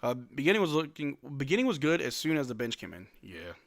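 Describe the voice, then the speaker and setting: A man hosting a casual live watch-along of a game, calling the play-by-play, reading chat questions aloud and answering them, with loud excited outbursts at big plays. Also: a little high, quick pace. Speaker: livestream host doing play-by-play.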